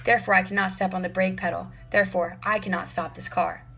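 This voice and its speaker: A woman's voice: mid-range voice, level tone, fast, gravelly, pushed and bright, faint music behind. A woman voicing a polite older man who talks in a formal, flustered, pleading way.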